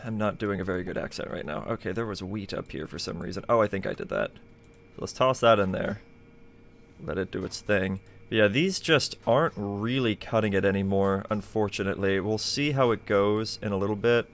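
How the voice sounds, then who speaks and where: A man's voice: fairly low pitch, a little fast, vocal fry. A man streaming a game live, thinking aloud in a chatty way with plenty of fillers. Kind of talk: casual live gameplay commentary.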